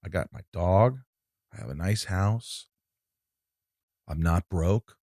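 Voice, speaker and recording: A man's voice: sits low, takes it slowly, a little mellow, no echo, clean studio sound. A man, an actor, telling a long story in casual chat, acting out quotes and swearing freely. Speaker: actor guest.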